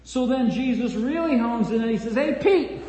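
A man's voice: extremely high pitch, fairly quick, mellow, roomy sound, big-room sound. A man preaching and teaching from the Bible, quoting scripture with dramatic emphasis. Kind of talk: Bible teaching at a church event.

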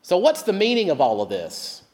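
A male pastor giving a sermon, telling a story and dropping soft and low when he quotes. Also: huge pitch swings, moderate pace, in a large hall. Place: church.

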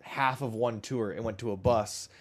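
A man's voice: mid-range voice, moderate pace. A man who is a touring musician, chatting casually and telling road stories with lots of swearing and restarts. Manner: profane, animated storyteller with restarts. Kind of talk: casual chat.

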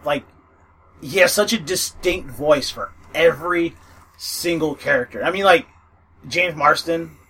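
A man's voice: fairly high pitch, a little slow, bright, forceful tone, slightly rough, poor audio. A man co-hosting a casual podcast, blunt and swearing freely. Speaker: podcast co-host. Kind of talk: casual chat.

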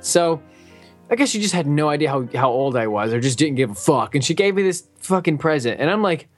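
Young male co-host, expressive swings in pitch, swears constantly, faint music under him. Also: brisk. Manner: profane, rambling storyteller, laughs often. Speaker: podcast co-host. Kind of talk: casual chat.

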